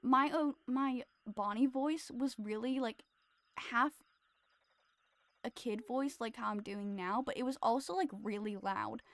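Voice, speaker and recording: A woman's voice: a little high, measured pace, fairly bright tone. A woman streaming a game, chatting casually in a giggly, self-deprecating, rambling way into her streaming mic. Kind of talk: casual livestream commentary.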